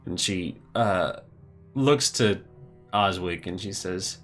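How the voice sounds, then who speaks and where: A man narrating and chatting as game master of a tabletop game, animated and casual. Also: deep voice, takes it slowly, faint music behind. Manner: animated, chatty, many fillers.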